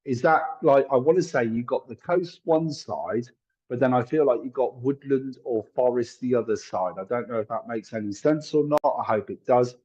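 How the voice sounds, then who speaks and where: A man with a husky, slightly breathy voice gives a live psychic reading. He talks in a chatty, apologetic way, full of fillers and asides. The stream audio sounds dull and lo-fi. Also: mid-range voice, normal speed, darkish tone. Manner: chatty, apologetic, thinks aloud with many fillers. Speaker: psychic medium.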